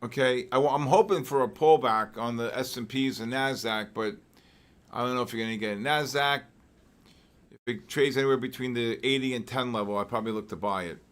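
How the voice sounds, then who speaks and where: A man's voice: medium pitch, a little fast, a bit bright. Male trading-show host, live market talk, rambling and repetitive, prone to exclamations. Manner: rambling, repeats himself, frequent throat clearing; exclamatory asides.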